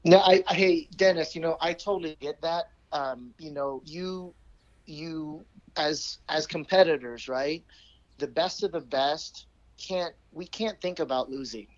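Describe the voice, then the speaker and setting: A man who is a Muay Thai coach, a guest in casual chat, speaking earnestly and haltingly, with many fillers and restarts. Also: on the high side, muffled recording.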